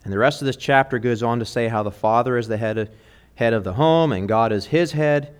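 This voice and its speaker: A man's voice: medium pitch, a little fast, smooth. A middle-aged man preaching an earnest sermon to fathers, speaking with emphatic conviction. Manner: earnest, emphatic preaching, quoting song lyrics.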